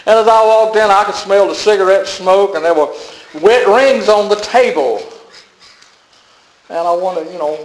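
Folksy older pastor in an echoey room. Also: male voice, a little high. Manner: folksy storytelling with chuckles. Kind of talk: sermon.

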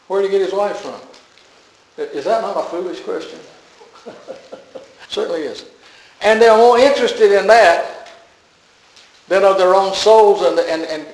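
A man preaches in an easygoing, folksy way, chuckling and restarting his phrases as he goes. His voice sits a little high for a man. The sound carries a noticeable room echo. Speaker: pastor. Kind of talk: sermon.

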